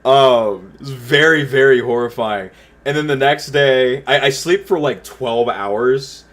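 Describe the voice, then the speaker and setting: A man's voice: medium pitch, unhurried, a bit bright, slight background noise. Rambling man telling a story. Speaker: livestreamer. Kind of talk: casual storytelling while chatting with viewers.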